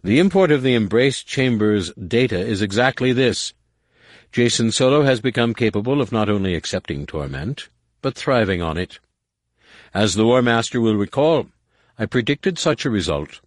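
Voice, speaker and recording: A man voicing a sly alien male executor who speaks smoothly and ingratiatingly. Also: mid-range voice, expressive, moderate pace, no echo, clean studio sound, pitched above the performer's own voice, natural voice.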